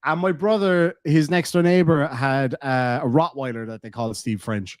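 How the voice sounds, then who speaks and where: A man's voice: fairly high pitch, normal speed, few pauses, no echo, studio quality. An Irish man casually chatting to his live-stream audience, laughing often and swearing freely. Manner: profane, laughing, quoting lines.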